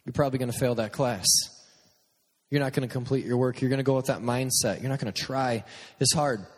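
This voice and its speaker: A man's voice: mid-range voice, fairly even intonation, fairly quick, a little mellow, husky. A man delivers a podcast sermon as a string of funny stories at his own expense, acting out every quote along the way. His voice sits in an ordinary middle range. It carries a long reverb, as if it were ringing through a large hall. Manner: humorous, self-deprecating, acts out quotes. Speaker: youth speaker and podcast host. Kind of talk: storytelling sermon.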